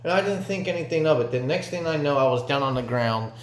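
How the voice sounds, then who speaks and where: A man's voice: fairly high pitch, expressive, fast. A young man telling a story from his own life in a casual, rambling way, with lots of fillers and swearing. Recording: echoey room.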